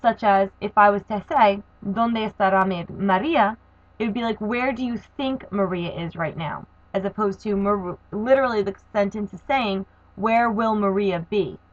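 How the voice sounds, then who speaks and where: A woman's voice: mid-range voice, normal speed, no echo. A woman teaching a grammar lesson, explaining verb forms methodically and spelling out endings letter by letter. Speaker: Spanish teacher. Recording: dull, dry lo-fi recording.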